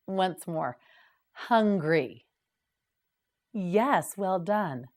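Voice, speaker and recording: A woman teaching English vocabulary to beginners, repeating each word slowly and clearly with patient prompts. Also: on the low side. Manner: patient, clearly enunciated repetition. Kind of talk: slow vocabulary drill for beginners.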